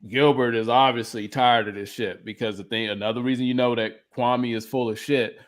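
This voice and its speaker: A man's voice: medium pitch, steady tone, fairly quick. Heated, profane man ranting. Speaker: podcast co-host. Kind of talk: casual chat.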